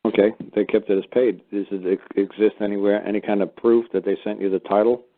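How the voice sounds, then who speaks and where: A man's voice: on the low side, level tone, brisk. A man hosting a call-in radio show, blunt and profane, lecturing callers. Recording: phone-like narrow sound.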